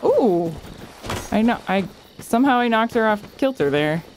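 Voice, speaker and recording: Animated woman narrating her gameplay. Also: a little high, a little hiss or hum. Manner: chatty, talks to the game and enemies, quick exclamations. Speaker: gamer streamer. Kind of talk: casual let's-play commentary.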